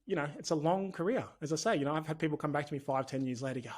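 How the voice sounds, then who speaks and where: A man's voice: a little high, very fast, hardly any pauses. A man with an Australian accent, talking as a podcast guest in a chatty, candid, rambling way. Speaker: podcast guest, business owner. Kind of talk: casual conversational interview.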